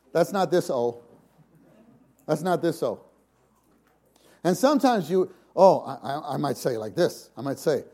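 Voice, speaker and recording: A man preaching a sermon, shifting from hushed, slow passages to sudden loud, dramatic exclamations. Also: on the high side, sing-song. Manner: slow, emphatic delivery.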